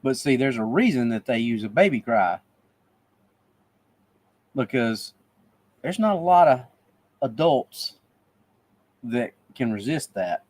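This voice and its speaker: A man's voice: mid-range voice, lively intonation, slow, pauses often, darkish tone. A man co-hosting a podcast who rambles easygoingly and often restarts his sentences. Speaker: podcast co-host. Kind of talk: casual chat.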